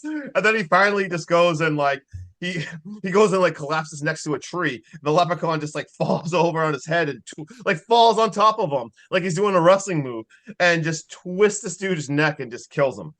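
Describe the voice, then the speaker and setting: Excitable man recapping a horror movie. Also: fairly high pitch. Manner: excitable, swears, recaps in quick bursts with laughs. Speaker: podcast co-host. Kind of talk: casual movie recap chat.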